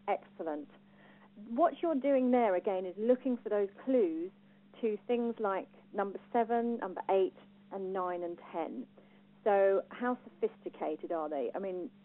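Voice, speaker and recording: English woman with a Home Counties accent, talk to an audience, engaging, thin phone-like sound. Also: mid-range voice. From England. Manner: lively and engaging, asks the audience questions. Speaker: speaker on personal branding.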